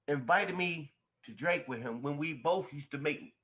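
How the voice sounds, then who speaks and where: A man telling a personal story in an emphatic, expressive way, going from quiet to loud. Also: fairly high pitch, moderate pace, hardly any pauses. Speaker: storyteller in a shared video.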